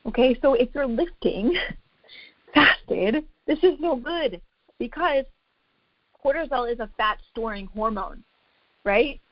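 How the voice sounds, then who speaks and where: A woman's voice: a little high, expressive, takes it slowly, long pauses, no room sound, muffled recording. A woman fitness coach giving a casual, chatty talk to an online group, emphatic and full of filler words.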